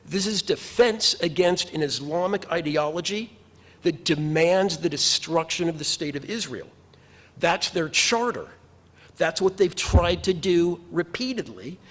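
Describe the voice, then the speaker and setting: A rabbi delivers a sermon in a notably high-pitched male voice, earnest and measured, leaning on emphatic repetition. His words ring out with a long reverb, as in a large synagogue sanctuary. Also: a bit bright.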